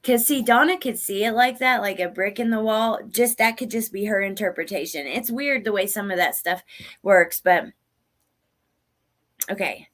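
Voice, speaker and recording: A woman's voice: medium pitch, normal speed, a bit bright. A woman hosting a casual livestream, chatting with viewers by name and repeating lines from a clip. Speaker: livestream host.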